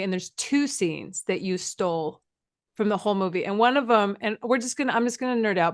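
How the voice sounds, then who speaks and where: A woman's voice: mid-range voice, no echo, studio quality. A woman hosting a podcast, chatting casually and playfully with frequent laughter. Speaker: podcast host. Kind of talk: casual interview chat.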